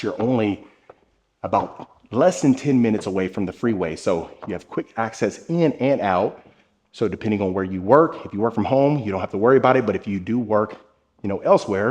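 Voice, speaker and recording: Man, lowish voice, upbeat home tour host talking straight to viewers while filming on the move. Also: darkish tone. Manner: upbeat, enthusiastic, addresses viewers directly. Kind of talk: narrated home tour vlog.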